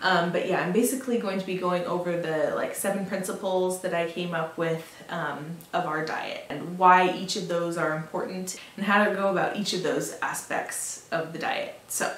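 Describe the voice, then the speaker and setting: A woman's voice: lowish voice, fairly even intonation, moderate pace, hardly any pauses. Chatty young woman in an echoey room. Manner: chatty, lots of fillers and laughs. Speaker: vlogger. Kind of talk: casual chat to camera. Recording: roomy echo, mic at a distance.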